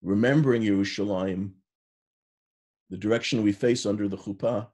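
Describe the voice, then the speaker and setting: An older rabbi in his sixties delivers a sermon and unhurriedly tells stories, with Hebrew terms mixed in. His voice is low, mellow and husky. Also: fairly even intonation, normal speed.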